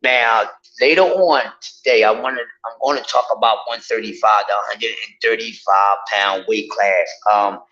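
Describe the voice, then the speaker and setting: A man ranting casually to his viewers, in an animated, profane and mocking way. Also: lowish voice, normal speed. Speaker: vlogger. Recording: dull lo-fi audio.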